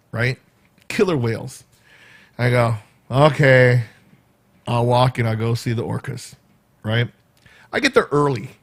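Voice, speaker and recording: A man vlogging casually, retelling a day out in a rambling, animated way with quoted asides. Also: mid-range voice, vocal fry, breathy edge. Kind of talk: casual storytelling vlog.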